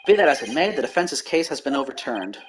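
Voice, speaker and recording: A man voicing a condescending, scheming male prosecutor from a courtroom game, speaking in a mocking, deliberate manner. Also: mid-range voice, big pitch swings, noisy background, lightly acted. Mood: smug.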